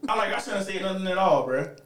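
Young guy kinda high voice, swinging pitch, roomy echo and faint hiss. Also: quick pace, distant mic. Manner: animated, profane, laughing through stories. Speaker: podcast co-host. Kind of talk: casual storytelling chat. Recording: echoey room with faint noise.

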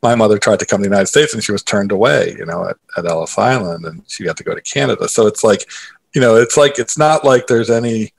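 A man being interviewed as a guest, telling a personal story in a lively conversational way, full of filler phrases and restarts. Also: on the low side, fast talker, creaky. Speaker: interview guest, author and investor.

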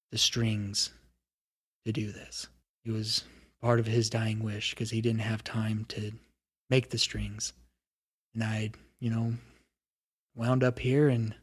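A man voicing a wistful male dwarf who once dreamed of being a bard, speaking slowly and quietly with sorrow. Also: fairly low pitch, slightly rough.

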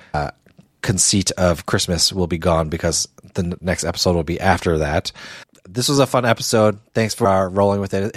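A man's voice: low-pitched, no room sound, clean studio sound. A man co-hosting a podcast, casual and laid-back, often rambling and correcting himself. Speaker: podcast co-host. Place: home setup, Boston area.

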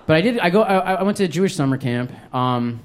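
Animated stand-up man, higher voice. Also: fast, a faint crowd, a little hiss or hum. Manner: animated, self-mocking, acts out his younger self. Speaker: stand-up comedian. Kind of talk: stand-up storytelling.

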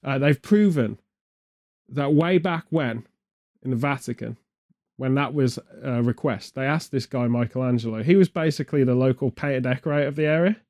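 Mellow-voiced man rambling comic tangents. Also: mid-range voice, normal speed. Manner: meandering absurd tangents told with a straight face. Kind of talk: comedic rambling chat.

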